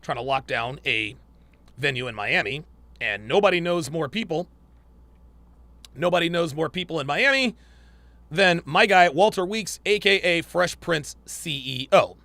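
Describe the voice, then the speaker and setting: A man hosts a casual reaction podcast, blunt and profane, hammering points home by repeating himself. His voice is gravelly and sharply bright. The sound is dry and close to the mic. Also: on the high side, lively intonation, a little slow, dry recording. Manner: blunt, profane, emphatic repetition. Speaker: podcast host reacting to clips.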